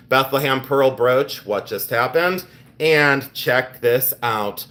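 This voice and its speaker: A middle-aged man hosting a live jewelry sale stream, talking in quick exclamations as he shows each piece. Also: mid-range voice, a bit bright. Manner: exclamatory, enthusiastic show-and-tell.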